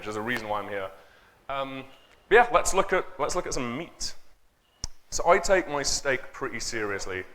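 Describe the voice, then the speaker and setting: Bright-voiced man giving a chatty talk. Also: medium pitch, slight background noise. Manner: chatty, joking, many fillers. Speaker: conference speaker. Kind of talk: off-the-cuff stage talk. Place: conference stage before an audience.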